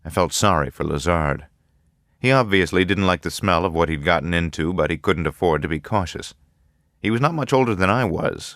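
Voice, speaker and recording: A man narrating a first-person audiobook in a measured, low-key, matter-of-fact way. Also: fairly bright tone, no echo, clean studio sound.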